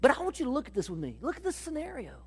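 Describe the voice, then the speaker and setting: A woman preaching a sermon, acting out Bible dialogue and calling out to the congregation in an animated way. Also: high-pitched, rapid-fire. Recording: long hall reverb.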